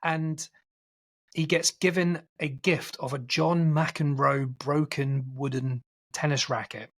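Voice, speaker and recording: A podcast co-host on a film show retells a movie's plot casually, rambling and animated as he acts out quotes. His voice is a little high and his pace slow.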